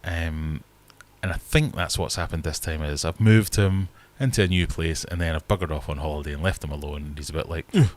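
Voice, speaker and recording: A man's voice: extremely low pitch, a little fast, few pauses. A man hosting a casual livestream from his fish room, chatting in a rambling, self-deprecating way. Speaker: livestream host and fishkeeper.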